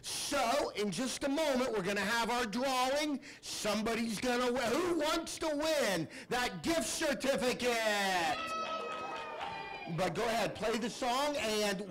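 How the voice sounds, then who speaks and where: A man hosting a live show as emcee, shouting to the audience and hyping the cast. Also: very high-pitched, animated, a little slow, rough recording. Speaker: show host. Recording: loud crowd and music behind.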